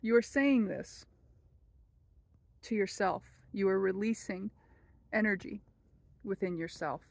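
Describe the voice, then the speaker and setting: A woman giving a gentle, measured spiritual teaching, softening almost to a hush as she repeats a prayer. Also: medium pitch, vocal fry.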